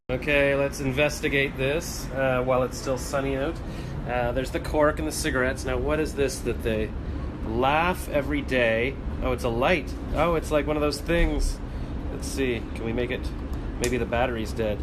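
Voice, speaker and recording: A man's voice: mid-range voice, normal speed, background noise. Rambling self-deprecating male vlogger. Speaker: vlogger and voice actor. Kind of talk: casual vlog. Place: his home, alone.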